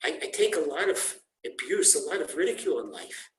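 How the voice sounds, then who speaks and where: A man's voice: fairly high pitch, very animated, fairly quick. A man voicing a shabby, humble little old male janitor, in an echoey room.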